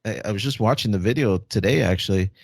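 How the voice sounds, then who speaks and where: A man co-hosting a podcast, speaking in a measured, thoughtful way with some hedging in casual chat. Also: fairly low pitch, creaky, no room sound, clean studio sound. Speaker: podcast co-host.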